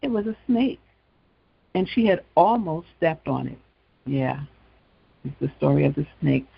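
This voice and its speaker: A man's voice: on the high side, lively intonation, measured pace, gravelly, husky, no echo, dull audio. A man hosting an evening gospel talk show, telling a story with casual asides. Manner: conversational storytelling, frequent asides. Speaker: host.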